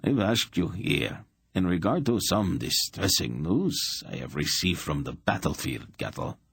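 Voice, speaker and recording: A man's voice: sits low, very animated, a little slow, creaky, a bit bright, breathy edge, no room sound, clean studio sound, exaggerated voice. A man doing a silky, menacing emperor. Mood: urbane. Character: urbane, cruel male emperor.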